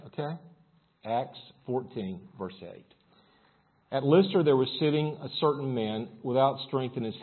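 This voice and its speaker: A man's voice: medium pitch, breathy edge, phone-quality sound. A man preaching a sermon and reading scripture aloud, building force as he reads. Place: church service room.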